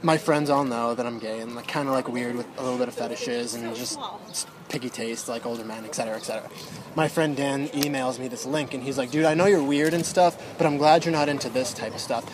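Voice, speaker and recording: A man's voice: mid-range voice, quick pace, a crowd in the background. A young man telling a story in a rambling, profane way, full of fillers. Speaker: storyteller guest. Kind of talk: casual storytelling.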